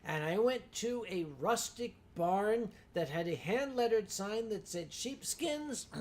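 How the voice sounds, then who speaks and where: A show host from Pennsylvania telling anecdotes in a casual chat, acting out the voices of the people in the stories. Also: medium pitch. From Pennsylvania, USA. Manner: unhurried anecdote telling, acts out quoted voices.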